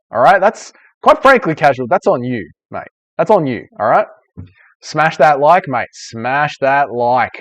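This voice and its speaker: A man's voice: mid-range voice, dry recording, muffled recording. A young man hosting a casual live-stream Q&A, chatty and rambling, swearing freely. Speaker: streamer host.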